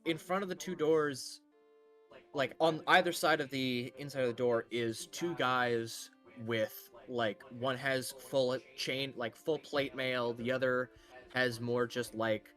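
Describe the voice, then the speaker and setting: A man's voice: mid-range voice, steady tone, slow, a bit bright, faint music behind. A man narrating a tabletop game as game master, in a casual, rambling way full of fillers.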